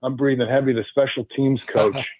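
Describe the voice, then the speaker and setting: A man, a former pro football player, telling his story as a radio guest, earnest and halting with many restarts. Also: mid-range voice, fairly even intonation, a little mellow, no room sound. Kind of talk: casual radio interview storytelling. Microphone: phone call. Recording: tinny dry phone line.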